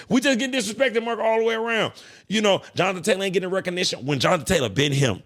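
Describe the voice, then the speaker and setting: A man hosting a podcast, ranting in a casual, profane, animated monologue. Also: medium pitch, no room sound, clean studio sound. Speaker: podcast host.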